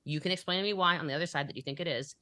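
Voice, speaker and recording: A woman's voice: sits low, rapid-fire, bright, forceful tone, slight background noise. A young adult woman talking as a business coach in a motivational podcast interview, emphatic and acting out the conversations she quotes.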